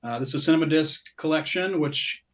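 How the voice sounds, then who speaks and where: Rambling, laughing man, slightly high voice. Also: brisk, a bit bright. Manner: rambling, self-interrupting, laughs often. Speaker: podcast co-host. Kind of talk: casual chat about laserdisc purchases.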